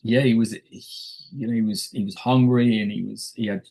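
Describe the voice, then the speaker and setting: A man's voice: lowish voice, steady tone, normal speed, creaky, mellow, rough recording. A middle-aged man, a film director telling stories casually in an interview, with many restarts and quoted asides.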